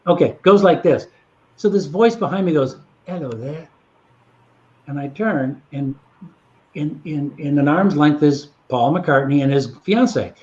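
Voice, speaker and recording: A man's voice: a little high, a little slow, a little mellow. Rambling storyteller man, muffled audio. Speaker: guest storyteller. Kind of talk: casual chat.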